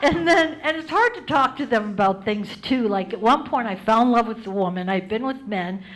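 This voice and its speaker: Wry, animated woman comedian. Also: fairly high pitch, moderate pace. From United States. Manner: animated, wry, prone to tangents. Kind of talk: stand-up storytelling.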